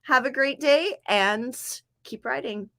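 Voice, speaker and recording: A woman's voice: high voice, slow, pushed and bright. A young woman from Southern California hosting a writing-sprint livestream, chatting loosely with viewers, rambling and correcting herself as she goes. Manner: rambling, self-correcting, talks to chat by name. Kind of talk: casual livestream chat to viewers.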